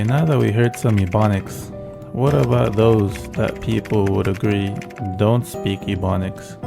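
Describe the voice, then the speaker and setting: Dry, creaky-voiced man doing comic commentary. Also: lowish voice. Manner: dry, mock-serious translating. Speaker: video host. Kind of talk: comedic commentary.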